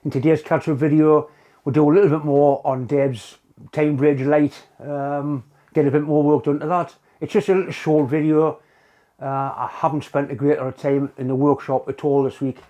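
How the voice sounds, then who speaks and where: A man vlogging from his workshop, talking to camera in a candid, plain-spoken, unhurried way. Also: mid-range voice, warm tone, dull audio. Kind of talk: casual chat to camera. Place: home workshop.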